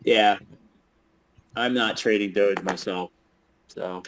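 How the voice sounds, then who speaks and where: A man's voice: on the low side, fairly even intonation, slow, slight background noise. A man co-hosting a casual live call, laughing often and swearing freely. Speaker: co-host of a chart analysis call.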